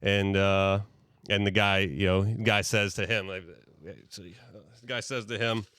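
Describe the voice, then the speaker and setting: Playful rambling podcast host. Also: male voice, on the low side, level tone, a little slow, fairly bright tone, clean tone, no room sound. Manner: rambling, playful, full of fillers. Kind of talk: improvised comic storytelling.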